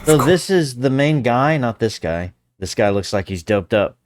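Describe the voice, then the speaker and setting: Male reaction host, animated and chatty, mid-pitched, faint music underneath. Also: moderate pace. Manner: chatty, laughing, thinking aloud. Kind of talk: casual commentary while watching.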